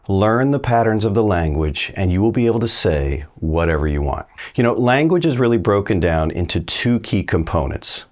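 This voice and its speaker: A middle-aged man with a very low, deep voice teaches a language lesson on video. He talks straight to the viewer, folksy and encouraging, walking them through each step. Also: a little mellow. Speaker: Spanish teacher.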